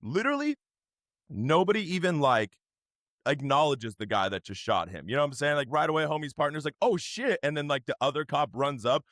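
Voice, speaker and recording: A man co-hosting a casual podcast chat, rambling and acting out quotes in loud, high voices. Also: brisk, dry recording, clean studio sound. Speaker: podcast co-host.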